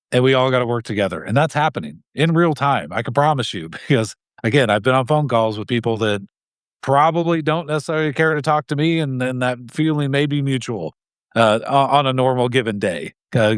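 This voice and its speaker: Man, guest in an interview, earnest and heated, restarts a lot, mid-pitched voice, dry close sound. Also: no room sound. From Idaho. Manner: earnest and heated, with frequent restarts and short laughs. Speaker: guest, gun rights group president. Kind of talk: casual interview talk.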